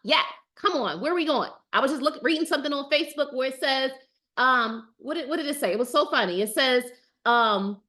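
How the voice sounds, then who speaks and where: A woman with a high, bright voice hosts a casual live stream as a dating coach. She answers viewer comments with emphatic enthusiasm and repeats her phrases again and again. Her voice sounds forceful and energetic. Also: brisk.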